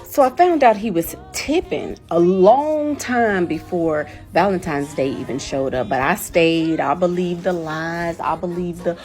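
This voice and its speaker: A woman telling a personal story to camera in a casual storytime, animated and laughing, acting out quotes. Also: measured pace, few pauses, soft background music. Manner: animated, laughing, acts out quotes with big pitch jumps. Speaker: storyteller vlogger.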